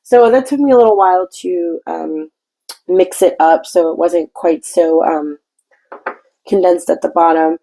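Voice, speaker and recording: Gravelly low-voiced woman explaining crafts. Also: unhurried, dark tone, rough recording. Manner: chatty and meandering, with frequent restarts; explains while painting. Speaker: craft tutorial host. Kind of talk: casual craft tutorial.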